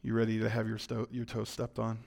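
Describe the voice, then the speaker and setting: A male pastor preaching a sermon, animated, acting out voices and swinging between loud and quiet. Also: lowish voice, fairly quick, creaky.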